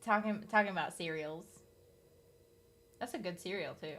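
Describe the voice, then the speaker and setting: A woman's voice: on the low side, normal speed, a bit bright, slight background noise. A young adult woman chatting casually with her stream viewers, loose and teasing, laughing often and swearing freely. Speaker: live streamer.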